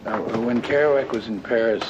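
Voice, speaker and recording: An older man reminiscing in an interview, talking haltingly with many restarts and fillers. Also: medium pitch. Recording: dull lo-fi audio with clear noise.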